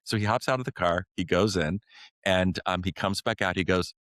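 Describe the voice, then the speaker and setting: A middle-aged man, a podcast guest, telling a personal story in an earnest, halting way with many fillers and restarts. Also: deep voice, a bit bright, no echo.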